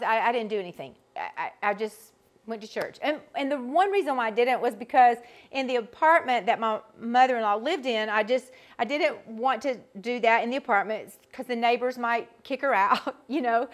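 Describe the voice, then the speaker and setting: A woman's voice: a little high, brisk. Chatty woman vocal coach. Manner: chatty and animated, frequent restarts, laughs often. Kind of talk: casual teaching talk to a group.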